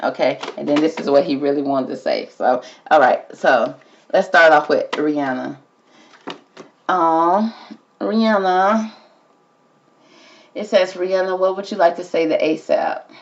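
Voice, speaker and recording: Woman, tarot reader, chatty, deep voice, dull lo-fi sound. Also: a little slow, pauses often. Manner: chatty, talks to the cards and calls everyone girl. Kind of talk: casual tarot reading commentary.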